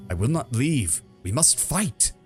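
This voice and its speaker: A man voicing a devoted male satyr knight with a deep, pleasant voice, earnest and defiant. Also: big pitch swings, a little slow, faint music behind.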